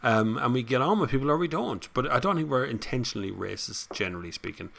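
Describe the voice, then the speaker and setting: A man's voice: mid-range voice, expressive, fast, gravelly, fairly bright tone. Irish male host, casual rambling chat, laughs a lot, mid-range voice. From Ireland. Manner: chatty, rambling, laughs often. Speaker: host reading viewer comments.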